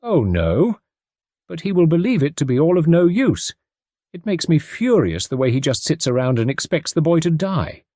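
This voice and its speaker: A man's voice: on the high side, very animated, moderate pace, dark tone, no echo, studio quality, pitched above the performer's own voice. A man voicing a worried upper-class mother with urgent, pleading speech in an audiobook reading. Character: anxious upper-class English mother, earnest.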